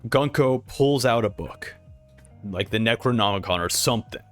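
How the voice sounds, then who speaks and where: A man's voice: medium pitch, measured pace, no room sound, soft background music. A man hosting a casual manga reaction, narrating panels and acting out the dialogue. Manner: animated, acts out dialogue. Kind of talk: casual commentary.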